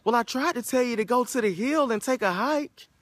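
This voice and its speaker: A man's voice: very high voice, brisk, fairly bright tone, no room sound, pitched above the performer's own voice. A man voicing a rude taxi driver who teases an old man in a spoken story. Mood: smug. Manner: mocking, teasing.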